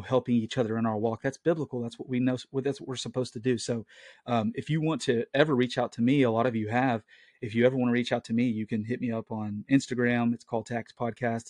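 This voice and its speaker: In his late twenties, this man hosts a Christian podcast from home on his own mic, chatting solo in an earnest, rambling way while his family is in the next room. His mid-range voice has a darkish tone. The recording is dry and of studio quality.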